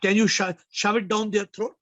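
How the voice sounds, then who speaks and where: Male spiritual teacher, high-pitched, emphatic, on a dull, dry call line. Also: level tone, moderate pace, fairly bright tone, no echo. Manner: emphatic, repeats phrases, rhetorical questions. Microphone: video call.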